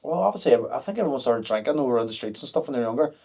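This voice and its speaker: A man in his thirties talks fast as a podcast guest. His speech is frank and open, full of quick fillers and restarts, and his pitch sits in the middle range. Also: animated, dark tone, breathy edge. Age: 30s. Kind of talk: candid podcast conversation.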